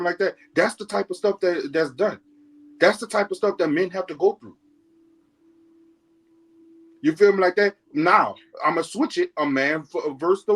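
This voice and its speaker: Rambling man arguing on a podcast. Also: sits high. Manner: rambling, keeps repeating "you feel me". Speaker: podcast guest on a call. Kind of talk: casual podcast debate.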